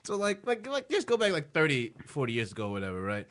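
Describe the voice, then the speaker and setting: Man, slangy rambling podcast banter, profane, high voice. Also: wildly swooping pitch, fast, a bit bright. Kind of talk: casual comedic banter.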